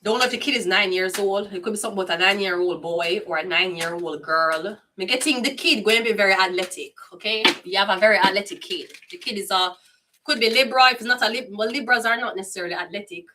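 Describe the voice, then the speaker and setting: Jamaican woman, tarot reader, casual and profane, bright tense tone, a bit off-mic. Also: mid-range voice, fast, recorded from a distance, a little hiss or hum. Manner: blunt, profane, chatty patois.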